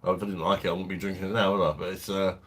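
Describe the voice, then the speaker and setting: A man's voice: sits low, level tone, very fast, breathy edge. A man hosting a casual beer review livestream, chatting laid-back and reading out viewer comments. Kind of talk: casual live-stream chat.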